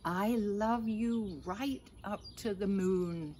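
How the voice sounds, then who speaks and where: An older woman reading aloud, voicing a small, eager, loving young male hare in a picture book, often in a soft near-whisper. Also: mid-range voice, takes it slowly, slight background noise, voice pushed up, natural voice.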